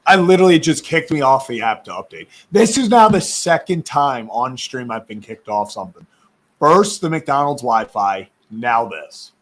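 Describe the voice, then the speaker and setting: A man's voice: mid-range voice, big pitch swings, moderate pace. A man hosting a casual live sports stream, chatty and rambling, laughing often, who says his voice is going.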